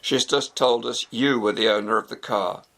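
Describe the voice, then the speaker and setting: A man doing a calm polite policeman. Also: mid-range voice, creaky. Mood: grave. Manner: formal and measured.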